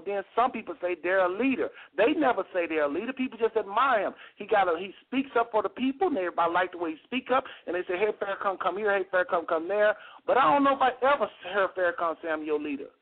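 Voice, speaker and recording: High-voiced man hosting call-in radio. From United States. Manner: emphatic, repeats phrases, argumentative. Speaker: radio talk show host. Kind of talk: heated call-in radio talk. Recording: tinny phone-line radio audio.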